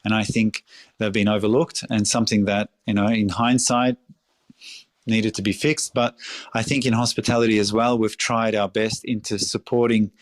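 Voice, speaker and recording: A man's voice: on the low side, level tone, moderate pace, dry recording, studio quality. A middle-aged Australian man, a restaurateur speaking in a podcast interview, passionate and emphatic, repeating phrases and swearing freely. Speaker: restaurateur guest.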